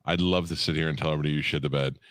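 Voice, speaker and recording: A radio host with a very low voice trades dry, teasing banter with his co-host. He talks in a relaxed conversational way. The close microphone sound is completely dry. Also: racing, clear, resonant tone, no room sound. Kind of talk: casual banter. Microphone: studio microphone.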